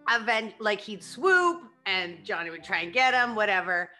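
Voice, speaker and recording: A woman with a bright, clear tone and a middling pitch chats casually in a book club discussion. She tells her story with frequent giggles, and faint music plays behind her. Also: sing-song, moderate pace. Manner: laughing storyteller, often breaks into giggles. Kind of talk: casual group chat.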